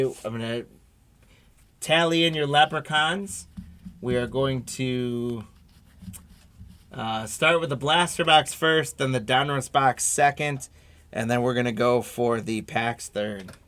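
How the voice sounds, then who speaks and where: An unhurried man hosting a live card break stream, reading card after card in a measured, drawn-out way. His voice sits at an ordinary middle pitch, and he drops in easygoing asides to viewers between pulls. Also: pushed and bright. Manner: unhurried, reads card names off one by one, friendly asides to viewers.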